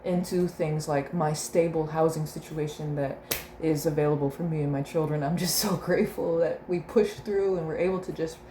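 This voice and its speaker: In a low, steady voice at normal speed and with few pauses, a young mother talks through her reflective video diary. Her thoughts meander as she searches for words, laughter breaking in often. Faint room noise sits under a roomy echo.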